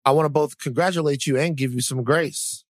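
A man's voice: on the high side, steady tone, a little fast, dry recording, clean studio sound. Rambling man in casual chat. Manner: rambling, many fillers and restarts. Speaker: podcast co-host.

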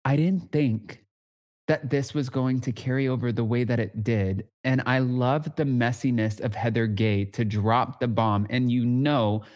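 A man's voice: mid-range voice, a little slow, darkish tone. Chatty man hosting a gossip recap. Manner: chatty, gossipy, heavy use of "like". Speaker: podcast host. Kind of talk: casual recap chat.

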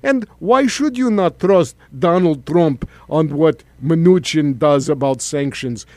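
A man's voice: on the high side, animated, a little mellow, dry recording. A man doing a stuffy fake-Russian oligarch. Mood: mock-sorrowful. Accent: mock Russian, broken English. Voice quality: stuffy, sounds like he has a cold. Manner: mock-sorrowful, grammar deliberately broken. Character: boastful male Russian oligarch, self-pitying. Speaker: comic impression in a talk show.

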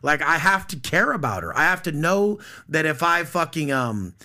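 Blunt, profane man with a gravelly voice. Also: a little high, sing-song, normal speed, sharp tone. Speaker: podcast guest. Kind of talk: casual podcast conversation.

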